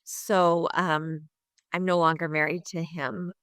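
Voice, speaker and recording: A middle-aged woman speaks in a low, smooth, resonant voice, recorded dry and close. She tells her story candidly and earnestly, voicing her past thoughts as she goes. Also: takes it slowly, dry recording. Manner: earnest, lively retelling with quoted inner thoughts. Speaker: guest sharing her recovery story.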